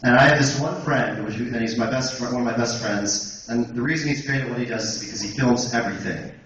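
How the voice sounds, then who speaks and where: A man's voice: medium pitch, a little fast, a bit bright. A young man and guest speaker telling a long rambling story to a college audience, full of fillers and restarts. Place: college auditorium. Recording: echoey hall, distant dull sound, faint noise.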